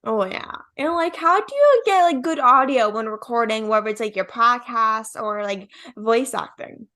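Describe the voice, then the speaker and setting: A woman's voice: a little high, lively intonation, normal speed, pushed and bright. A young woman, a podcast host, chatting casually and saying "like" again and again. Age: young adult. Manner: chatty, says "like" constantly. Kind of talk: casual interview chat.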